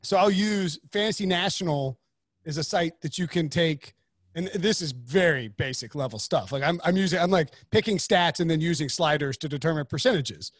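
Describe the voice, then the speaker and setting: Brief: high-pitched male host, dry close sound, casual and rambly. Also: moderate pace, no room sound. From North Carolina, US. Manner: rambling, joking, many restarts. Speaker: podcast host. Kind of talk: casual podcast chat.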